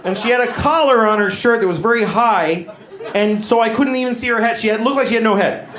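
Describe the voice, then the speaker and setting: A male stand-up comedian with a fairly high voice, talking in a deadpan, crude, self-deprecating way. He works a comedy stage, and the live recording is full of loud audience laughter. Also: brisk, a crowd in the background.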